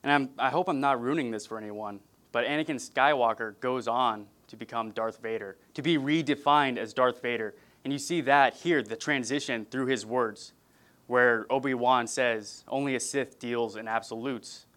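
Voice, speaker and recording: A man from California preaches at a middle pitch in an earnest, measured way. He speaks plainly and warmly to a congregation, now and then easing in some gentle humor. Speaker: pastor. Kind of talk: sermon.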